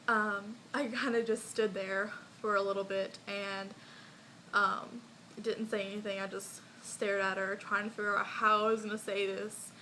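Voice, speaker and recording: Young woman, vlogger, casual storytelling, bright tone, lots of fillers, faint background noise. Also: mid-range voice, poor audio. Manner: chatty, lots of likes and ums, laughs along.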